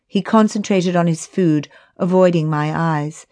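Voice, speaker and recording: A woman's voice: lowish voice, a little slow, few pauses, darkish tone, dry recording. A woman narrating a first-person romance audiobook in a wry, conversational way.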